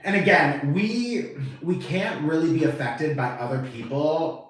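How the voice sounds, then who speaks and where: A man giving a casual, animated tarot reading to camera, chatty and swearing now and then, acting out the reactions he quotes. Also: fairly high pitch, a little slow, recorded from a distance. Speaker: tarot reader. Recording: very echoey room, voice off-mic.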